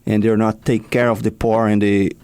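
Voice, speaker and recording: A man co-hosting a radio talk show, speaking haltingly with many fillers. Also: lowish voice, little pitch movement, a little mellow, smooth, no room sound.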